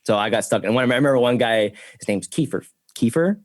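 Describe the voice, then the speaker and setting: Brief: slightly buzzed male guest, profane and animated, mid-pitched, dry close sound. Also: quick pace, no echo. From Bakersfield, California. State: a bit tipsy. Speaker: guest, delivery driver. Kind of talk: casual podcast storytelling.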